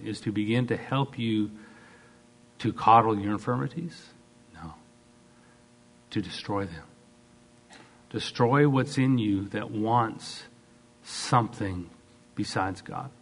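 A man preaching a sermon, acting out quoted voices and swinging from loud, fast bursts to soft, slow stretches. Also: fairly low pitch.

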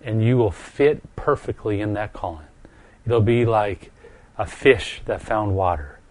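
A middle-aged man preaching a heartfelt sermon, gentle and earnest, often pausing and repeating words, still recovering from a stroke and quick to get emotional. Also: fairly low pitch, dry recording.

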